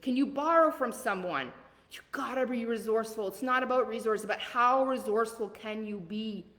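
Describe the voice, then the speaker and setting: A woman with a Southern accent coaches a live group call with blunt, rapid-fire encouragement. Her voice carries a long reverb, like a hall. She keeps asking questions and answering them herself. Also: a little high, a bit bright. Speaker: leadership coach.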